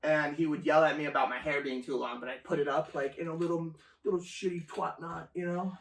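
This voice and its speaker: A man's voice: on the high side, fairly quick. A young man telling work stories in casual chat, swearing often and laughing as he goes. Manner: profane, animated storytelling with laughter. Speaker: storyteller guest. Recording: echoey room, mic at a distance.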